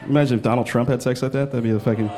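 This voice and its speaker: A man in his thirties doing stand-up comedy, animated and profane, slipping into exaggerated voices. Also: mid-range voice, very fast. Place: live comedy stage.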